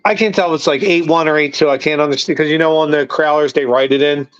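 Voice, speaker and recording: A man co-hosting a casual podcast chat over beers, talking in an animated, emphatic way and swearing freely. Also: fairly high pitch, fast talker, smooth, no echo. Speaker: co-host. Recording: dull lo-fi dry sound.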